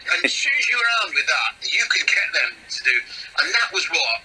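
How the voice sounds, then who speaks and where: A man, a comedian, telling backstage stories in a lively way and acting out what others said. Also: on the high side, a little fast, breathy edge, faint music behind, rough recording. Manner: lively storyteller acting out quotes. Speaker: comedian guest. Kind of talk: casual anecdote telling.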